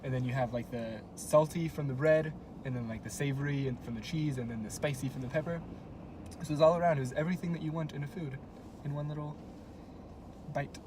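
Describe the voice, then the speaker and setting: A man's voice: on the high side, fast talker. Young man rambling casually in a car. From United States. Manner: relaxed rambling storyteller with fillers. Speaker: vlogger's younger brother. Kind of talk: casual chat. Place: inside a moving car. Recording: car noise behind.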